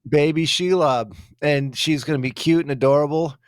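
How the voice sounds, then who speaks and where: A man's voice: on the high side, normal speed, dry recording, studio quality. A man co-hosting a podcast, joking and bantering in casual chat. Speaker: podcast co-host.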